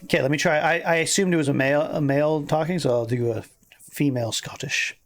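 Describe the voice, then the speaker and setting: A man's voice: on the high side, fast talker. A man hosting a casual game playthrough, chatting and reading aloud, often breaking into laughter. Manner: giggly, rambling, breaks into laughter. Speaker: host. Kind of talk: casual chat while reading an interactive novel.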